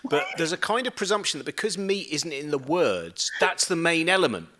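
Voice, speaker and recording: A man telling hesitant, animated anecdotes in casual chat over a video call and acting out the people in them. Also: fairly high pitch, brisk, few pauses. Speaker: scientist guest.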